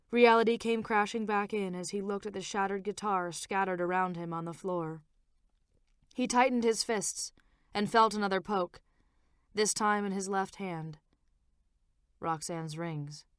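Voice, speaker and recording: A woman author narrating her own novel as an audiobook in a measured, expressive reading. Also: medium pitch, smooth, no room sound, clean studio sound.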